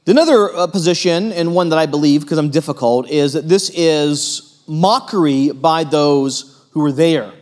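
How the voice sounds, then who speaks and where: A man preaching a sermon in an earnest way, moving between emphatic stretches and hushed ones, with frequent fillers. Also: a little high, moderate pace, hardly any pauses. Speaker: pastor.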